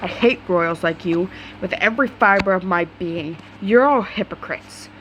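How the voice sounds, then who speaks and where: A woman's voice: fairly low pitch, normal speed, a bit bright, lo-fi sound, slight background noise, natural voice. A woman reading aloud the lines of a hostile, chained male dragon prisoner, without putting on an accent. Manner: read-aloud, no accent put on.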